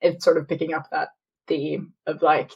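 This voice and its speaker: Chatty woman with a lowish voice. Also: flat delivery, moderate pace, vocal fry, husky, lo-fi sound. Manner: chatty, paraphrases lyrics with dramatic read-outs. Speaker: podcast co-host. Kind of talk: casual chat about song lyrics.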